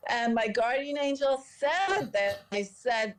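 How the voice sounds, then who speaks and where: A woman with a somewhat high voice tells a personal story as a podcast guest. She speaks earnestly and with feeling, and her voice lifts when she acts out the people she quotes. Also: slow pace, few pauses.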